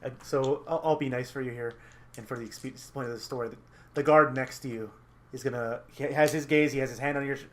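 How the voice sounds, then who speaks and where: A man's voice: mid-range voice, steady tone, brisk, fairly bright tone, slight background noise. A man narrating as game master of a tabletop role-playing game, describing scenes and prompting the player. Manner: narrates actions, slips into character quotes.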